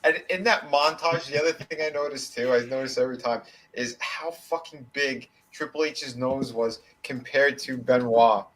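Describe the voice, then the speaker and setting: A man co-hosting a wrestling podcast, making quick, casual remarks with some swearing. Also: medium pitch, a bit bright. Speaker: podcast co-host.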